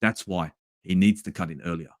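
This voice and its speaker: An Australian man hosting a fan channel rants with plenty of profanity, veering from shouting to low mutters while discussing a match and reading live chat. He speaks fairly quickly, and the studio-quality recording has no echo.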